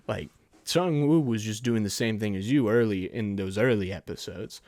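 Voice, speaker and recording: A man's voice: on the low side, moderate pace, a little mellow. A man hosting a solo film and TV review podcast, talking casually and ranting in exasperation, with laughs between points. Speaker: podcast host.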